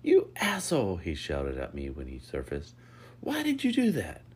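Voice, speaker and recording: A man reading a story aloud, voicing a small, playful young man who whines and squeals in a high voice. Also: very animated, moderate pace, a little mellow, slight background noise, heavily acted. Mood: gleeful yelling.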